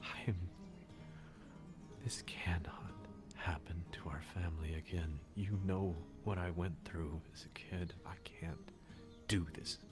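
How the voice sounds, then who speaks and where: A worried, loving farm wife, as a deep-voiced man puts her on in a tabletop game. She pleads in low, hushed near-whispers, over clear background music. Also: a little slow. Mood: pleading whisper.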